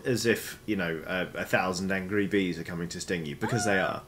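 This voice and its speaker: A man's voice: low voice, fairly quick, a bit bright. A man running a tabletop game as dungeon master, rambling with many ums and restarts.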